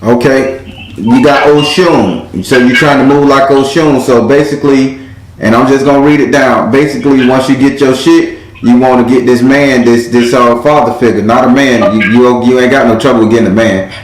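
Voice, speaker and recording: A man's voice: mid-range voice, fairly even intonation, moderate pace, echoey room, a little hiss or hum, poor audio. A man giving a live tarot reading, talking bluntly and casually with plenty of profanity. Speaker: tarot reader. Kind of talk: live spiritual card reading.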